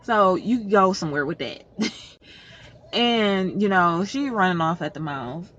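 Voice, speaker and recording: A woman's voice: lowish voice, animated, a little slow, a bit bright. A woman vlogger telling a story in a casual storytime vlog, blunt and profane, sounding fed up. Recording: slightly muffled with faint background noise.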